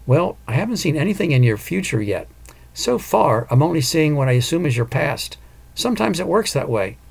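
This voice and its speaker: A man voicing a calm, cunning female psychic who talks patiently and persuasively, in an audiobook. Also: a little high, fairly quick, creaky, husky, pitched above the performer's own voice, exaggerated voice. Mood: probing.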